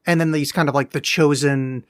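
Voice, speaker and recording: A man's voice: on the high side, steady tone, moderate pace, a bit bright, clear, resonant tone, dry recording, studio quality. A man co-hosting a podcast in casual chat, blunt and profane, with an exasperated edge. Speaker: podcast co-host.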